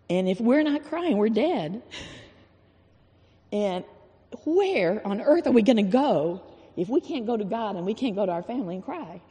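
A woman's voice: on the high side, mellow, in a large hall. A woman giving an informal, earnest sermon in a folksy way, repeating phrases for emphasis. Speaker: church speaker.

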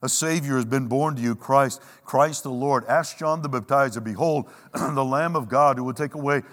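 A man preaching a sermon, emphatic, with dramatic pauses and a slow, weighty delivery when he quotes scripture. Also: mid-range voice, a bit bright. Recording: long reverb of a large hall.

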